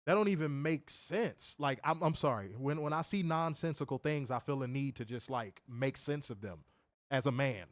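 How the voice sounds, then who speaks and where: A man co-hosting a wrestling review stream, answering viewer comments in casual, animated chat. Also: mid-range voice, normal speed, no echo, studio quality. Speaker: wrestling show co-host.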